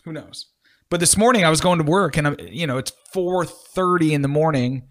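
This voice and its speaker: A man's voice: a little high, lively intonation, fairly quick, a bit bright. A man co-hosting a radio show, chatting casually in a laid-back, teasing way and trailing off mid-sentence. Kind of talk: casual chat.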